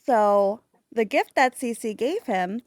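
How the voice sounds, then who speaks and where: A woman's voice: on the high side, animated, takes it slowly, a little mellow. A woman telling a life-sim game story in a chatty, casual way, full of fillers. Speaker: Sims storyteller. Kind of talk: casual narrated gameplay story.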